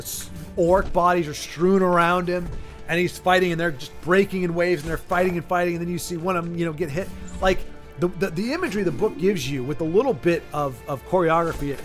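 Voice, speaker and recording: A man hosting a casual livestream chat, ranting in an animated way and often cutting himself off mid-sentence. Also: high voice. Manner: animated, ranting, self-interrupting. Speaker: streamer host.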